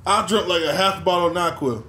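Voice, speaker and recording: A man, co-hosting a podcast and telling a story in casual chat, animated and swearing freely. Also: sits high, quick pace, a little hiss or hum. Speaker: podcast co-host. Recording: echoey room.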